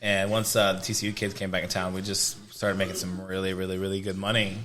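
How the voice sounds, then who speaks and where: A man's voice: sits low, monotone, fast talker, sharp tone. A man hosting a podcast, telling a story in a laid-back way and swearing casually. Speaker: podcast host. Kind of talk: casual chat.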